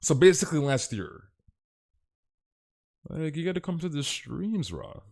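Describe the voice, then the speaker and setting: A man's voice: fairly high pitch, sing-song, gravelly, a little mellow. Emphatic, ranting male game streamer. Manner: emphatic, ranting, peppered with "dude" and mild swearing; stammers with quick repeated restarts. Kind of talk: casual live-stream chat while gaming.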